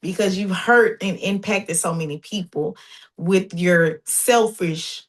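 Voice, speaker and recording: Slow, deliberate woman host. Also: fairly low pitch. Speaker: podcast host. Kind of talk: casual faith talk.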